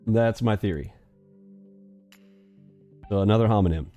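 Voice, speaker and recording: Mellow-voiced joking man hosting a trading stream. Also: lowish voice, a little slow, highs cut off, faint music behind. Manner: joking, rambling, playful sound effects. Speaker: live trading stream host. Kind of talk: casual chat while trading live.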